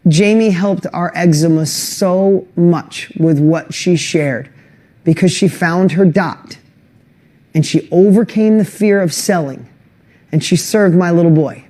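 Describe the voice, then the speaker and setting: A middle-aged man hosting an online course webinar, talking earnestly and emotionally and getting louder on rallying lists. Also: high voice, slow pace. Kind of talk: motivational webinar talk.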